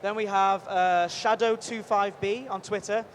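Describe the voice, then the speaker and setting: A man hosting a live stream from a busy convention booth, chatty and energetic, rambling with quick restarts. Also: high voice. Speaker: livestream host at a game convention booth. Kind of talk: upbeat live event hosting. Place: busy convention show floor. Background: faint crowd noise.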